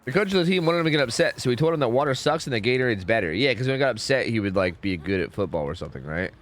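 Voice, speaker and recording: A man's voice: medium pitch, lively intonation, very fast. A man streaming a video game, giving casual commentary with exasperated, joking, rambling asides to his chat.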